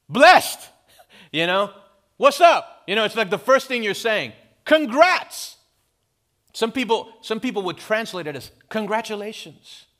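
A man preaching a sermon in a lively, animated way, with rhetorical questions and casual asides. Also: fairly high pitch. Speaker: pastor. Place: church in Miami.

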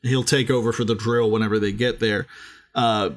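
A man co-hosting a casual book podcast, retelling scenes between laughs and dropping into quick silly voices for the characters. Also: on the low side, little pitch movement, a little hiss or hum. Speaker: podcast co-host.

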